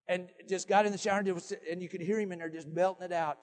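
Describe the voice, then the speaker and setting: An older man, a grandfather, preaching a folksy sermon with stories, swinging from loud emphatic lines to soft quiet ones. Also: sits high, fairly even intonation, fast, big-room sound. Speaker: pastor.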